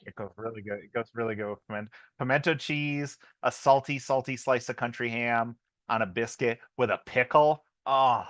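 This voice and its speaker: A man's voice: medium pitch, steady tone, moderate pace, a bit bright, dry recording, clean studio sound. A man co-hosting a podcast, chatting casually and joking, who likes doing comic impressions. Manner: jokey, slips into comic impressions. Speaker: podcast co-host. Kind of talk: casual chat.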